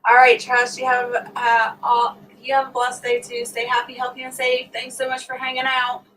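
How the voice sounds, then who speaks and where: A woman's voice: on the high side, completely flat delivery, moderate pace, fairly bright tone. A middle-aged woman hosting a casual livestream, chatting and laughing with viewers and acting out what others said. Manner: chatty and laughing, acts out quoted talk. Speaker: livestream host. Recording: voice a bit distant from the mic, faint background noise.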